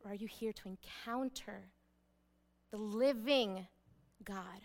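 A woman pastor preaching a sermon, emphatic, repeating key phrases and dropping to a hush for weight. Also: medium pitch, slow, gravelly.

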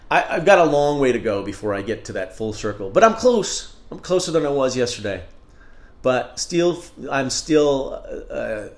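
A man hosting a casual solo podcast, talking in a rambling, candid and profane way. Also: medium pitch. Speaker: podcast host. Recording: roomy echo.

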